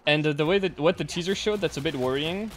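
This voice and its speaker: A man's voice: a little high, fairly bright tone, a little hiss or hum. A man in casual gaming chat, rambling and restarting his sentences as he explains his views. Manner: rambling, many restarts and fillers. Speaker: streamer and player.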